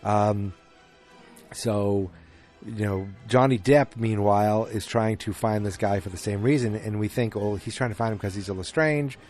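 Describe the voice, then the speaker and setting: A man's voice: fairly low pitch, moderate pace, a little mellow, soft background music. A man hosting a podcast, casually recapping a film in a rambling way with lots of fillers and restarts. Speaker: podcast host.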